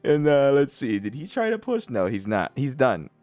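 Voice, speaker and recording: A man's voice: mid-range voice, big pitch swings, normal speed, a little mellow, no room sound, soft background music. A man hosting a gaming channel, chatting casually as he plays and often breaking into laughter while repeating himself. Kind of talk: casual game commentary.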